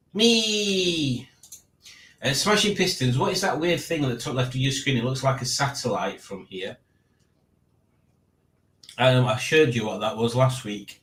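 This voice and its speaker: Male stream host, rambling and dry-humoured, mid pitch, roomy home room. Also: fairly bright tone. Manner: rambling, dry playful teasing, reading chat aloud. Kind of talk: casual live stream chat.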